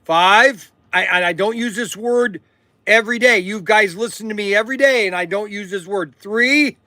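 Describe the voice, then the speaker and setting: A man with a high, bright voice hosts a casual livestream. He rambles, circles back on himself and keeps checking in with his viewers. The sound is dry and close, with no room around it. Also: normal speed, no room sound. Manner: rambling, repeats himself, says okay often. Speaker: livestream host.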